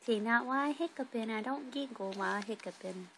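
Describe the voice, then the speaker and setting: A woman's voice: a little high, quick pace, noisy background, natural voice. A mom voicing her hiccuping baby boy. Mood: playful. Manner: babyish broken grammar.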